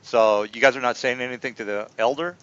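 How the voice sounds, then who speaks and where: A man's voice: medium pitch, steady tone, fairly quick, a bit bright, smooth. A man narrating a tabletop game as game master, rambling and repeating himself with many fillers. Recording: dull lo-fi recording.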